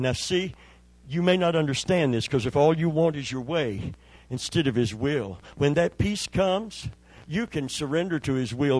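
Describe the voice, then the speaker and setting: Male pastor, middle-aged, sermon storytelling, emotional, hushed prayer moments, dry recording. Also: a little high, expressive, normal speed, dry recording, rough recording.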